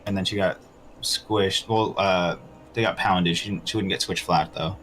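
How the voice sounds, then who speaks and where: A man with a low, deep voice runs a tabletop game as dungeon master. He narrates outcomes in a measured, matter-of-fact way, with faint background noise. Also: fairly even intonation, a bit bright.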